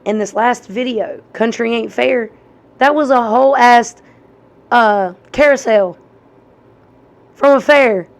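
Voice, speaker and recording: Slow-talking woman reacting casually. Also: a little high. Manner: enthusiastic, casually cursing.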